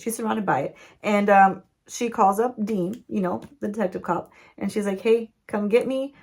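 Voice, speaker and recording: A woman beauty vlogger telling a playful, chatty story-time recap with lots of asides to her viewers. Her mid-pitched voice carries a gravelly fry. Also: darkish tone. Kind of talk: story-time recap while doing makeup.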